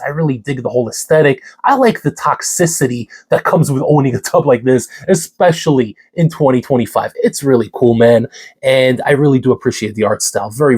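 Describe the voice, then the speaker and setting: A young man with a husky, congested voice and a middle-range pitch talks through a product review with hyped, slangy energy. His voice sounds worn from a cold, yet he keeps pushing through the vlog. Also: darkish tone. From New York City. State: congested, hoarse voice. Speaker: supplement reviewer.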